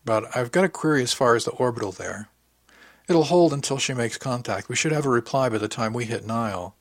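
A man voicing a sly, reassuring ship's officer in an audiobook, in a raised, brisk official tone. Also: on the low side, no room sound, natural voice.

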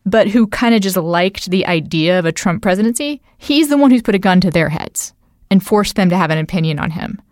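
A woman co-hosting a political discussion, animated and emphatic, her pitch jumping up on key words, with many "like" and "you know" fillers. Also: a little fast, no echo, clean studio sound. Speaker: podcast co-host.

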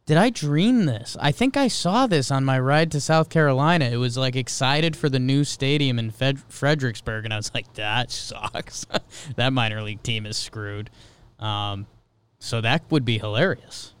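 A man co-hosting a casual sports podcast, playful and riffing on jokes in quick banter. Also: medium pitch, clean tone. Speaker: podcast co-host.

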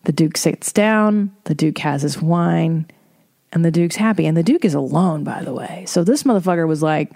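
A woman hosts a podcast, talking through a casual story in a chatty, profane way. Her voice sits a little low and sounds mellow and relaxed. She drops wry asides as she goes. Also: normal speed, no echo, clean studio sound. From Eastern Bloc. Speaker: podcast host.

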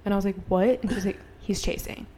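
A woman's voice: mid-range voice, steady tone, rapid-fire, warm tone. Chatty young woman telling a story. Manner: chatty, filler-heavy, acts out dialogue with swearing. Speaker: podcast co-host. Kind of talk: casual storytelling chat.

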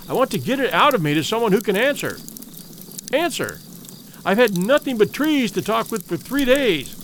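A man's voice: high voice, fairly bright tone, a little hiss or hum, full character voice. A man reading aloud and voicing a frightened, frantic male woodsman who pleads and pours out his words in a raised, strained voice. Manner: rushed, pleading, anguished. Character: terrified, frantic male woodsman pouring out a tale.

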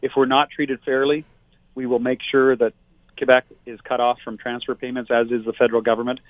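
A man who is a political candidate, speaking forcefully and indignantly as a guest on a talk show. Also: medium pitch, level tone, a little fast, no echo. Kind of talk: talk radio interview by phone. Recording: tinny phone line.

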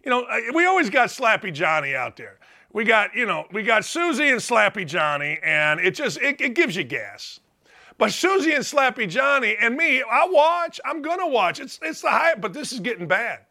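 A man hosting a sports talk show, ranting loudly and emphatically about football. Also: very high-pitched, very animated, normal speed. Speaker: sports talk radio host. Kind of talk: opinionated sports talk monologue.

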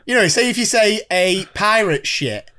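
A male co-host trades casual banter on a teachers' podcast, tossing in dry one-liners and teasing remarks. His pitch moves around in an animated way. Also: moderate pace. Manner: dry quips and teasing asides.

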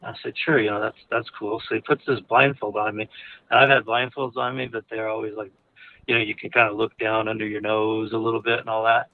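A man's voice: lowish voice, little pitch movement, fairly quick, gravelly. A male caller telling a personal story frankly, in a candid, rambling way with chuckles between phrases. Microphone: phone call. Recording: tinny phone line.

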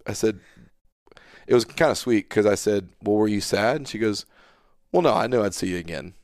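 Earnest and animated, this man in his thirties, a pastor guesting on a podcast, recounts something from his own life and retells the lines people spoke. His voice is on the low side at a moderate pace, captured in a dry recording with clean studio sound.

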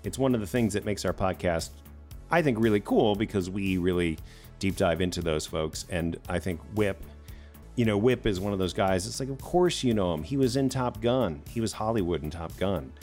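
Rambling male podcast co-host, lowish voice. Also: expressive, moderate pace, darkish tone, soft background music. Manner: rambling, conversational, mimics people. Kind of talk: casual podcast chat.

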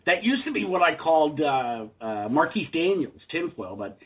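A man's voice: fairly high pitch, sing-song, moderate pace. Joking guy co-hosting a sports show, voice goes up and down, tinny audio. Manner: wry, joking asides. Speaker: podcast co-host. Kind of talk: casual sports chat. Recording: tinny phone-like sound.

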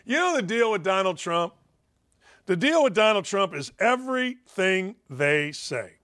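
A man with a notably high-pitched voice, calling in to a talk show. He rants in a heated, sarcastic way and swears freely. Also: very animated, measured pace, fairly bright tone. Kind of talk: angry call-in rant.

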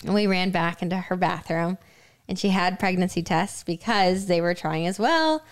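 Smooth-voiced young woman telling a story. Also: lowish voice, normal speed. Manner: storytelling, frequent fillers. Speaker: podcast co-host. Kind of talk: casual podcast chat.

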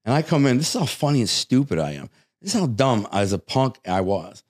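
A man from the Detroit area, a guest telling casual stories, animated and swearing, acting out the voices of people he quotes. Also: mid-range voice, fairly quick. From Detroit area, United States. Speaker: interview guest. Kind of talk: casual storytelling.

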